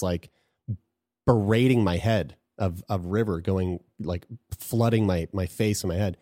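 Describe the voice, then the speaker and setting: A man with a fairly low voice tells a personal story in a relaxed, conversational way. He talks frankly and swears freely, often breaking off and restarting his sentences. The recording is dry, with almost no room sound. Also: no room sound. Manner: frank and profane, with frequent restarts.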